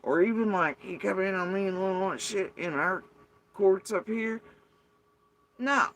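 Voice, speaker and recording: A man's voice: sits high, a little slow, a bit bright, slight background noise. Profane, rambling man ranting. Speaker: vlogger. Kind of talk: casual unscripted rant.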